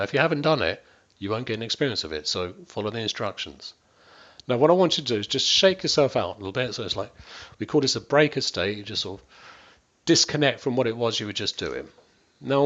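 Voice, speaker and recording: A man working as a wellbeing coach, walking listeners through a guided stress-management exercise. He speaks to them directly, checks in often and drops to near-whispers and slow, stretched words to demonstrate. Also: fairly low pitch, a bit bright, muffled recording.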